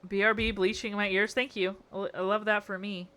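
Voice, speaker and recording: Bright-voiced woman streamer chatting with chat. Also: medium pitch, little pitch movement, brisk, slight background noise. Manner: playful, exasperated, reacting to chat with frequent laughter. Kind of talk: casual live-stream chat while building in a game.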